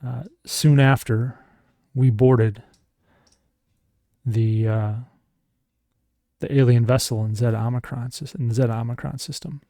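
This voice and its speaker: A man's voice: mid-range voice, fairly even intonation, measured pace, pauses often, mellow, no echo, clean studio sound, lightly acted. A man voicing a male starship commander who presses with questions and reasons things out. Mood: pressing.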